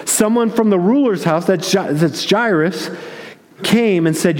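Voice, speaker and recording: A man's voice: sits high, unhurried. A man preaching a sermon, retelling a story vividly, repeating words as he goes and acting out the quotes. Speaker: pastor. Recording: long reverb of a large hall.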